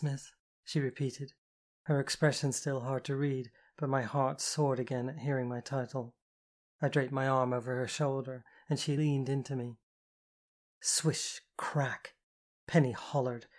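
An audiobook narrator telling a first-person story. The delivery is even and intimate, with a steady voice of middling pitch. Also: moderate pace.

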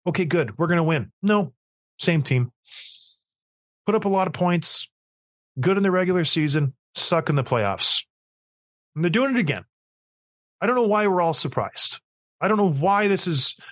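A man's voice: on the high side, fairly bright tone, no room sound, clean studio sound. A middle-aged man hosting a sports podcast, ranting in an emphatic, exasperated way in casual talk. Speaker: podcast host.

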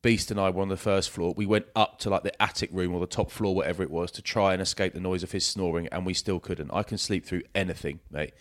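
A man's voice: low-pitched, steady tone, quick pace, hardly any pauses. A man co-hosting a podcast, telling rambling anecdotes with lots of fillers and restarts. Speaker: podcast co-host. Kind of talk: casual chat, storytelling.

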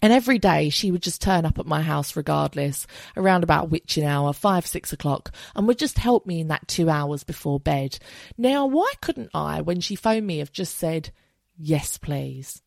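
A woman's voice: low voice, animated, moderate pace, gravelly, a little mellow, no echo. An English woman in her thirties hosting a solo podcast, talking candidly and chattily and swearing freely. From England. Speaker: podcast host. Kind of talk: casual solo podcast monologue.

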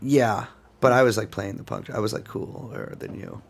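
Lively, joking male podcast co-host. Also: fairly low pitch, moderate pace, creaky. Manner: irreverent, joking, mock-formal asides. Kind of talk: casual comedic banter.

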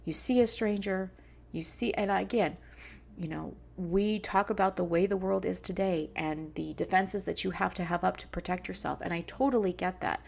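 A woman's voice: on the low side, normal speed, creaky, a little mellow. A middle-aged woman hosting a personal podcast, talking earnestly and emotionally about kindness and her children. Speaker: podcast host.

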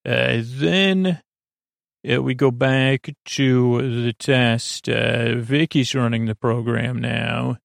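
A man with a gravelly voice drifts through a sleep-podcast recap of a TV episode, full of filler sounds and restarts. His delivery stays flat and even, with little rise or fall. The recording is close and dry. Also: mid-range voice, dry recording. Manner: halting and meandering, with many filler sounds and self-corrections.

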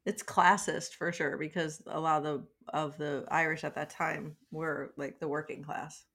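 A woman's voice: sits low, flat delivery, moderate pace, fairly bright tone, slightly rough. A woman co-hosting a podcast in casual chat, dry and sarcastic in manner. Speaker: podcast co-host.

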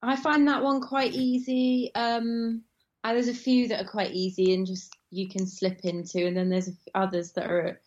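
A woman's voice: a little high, flat delivery, moderate pace, a little mellow, highs cut off. A woman from England, an actress talking casually as an interview guest, chatty and rambling with many fillers and restarts.

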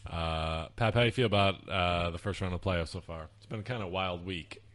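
Man, low voice, podcast co-host, dry teasing questions, casual. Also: normal speed, fairly bright tone.

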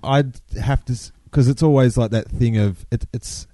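A man's voice: mid-range voice, moderate pace, mellow, no room sound. A man hosting a casual interview, asking conversational follow-up questions. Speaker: interviewer, podcast host.

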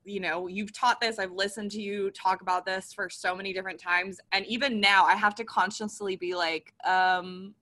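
A woman's voice: mid-range voice, flat delivery, normal speed, hardly any pauses, bright, forceful tone. A woman guest chatting casually and a little self-consciously. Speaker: podcast guest. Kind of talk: casual chat.

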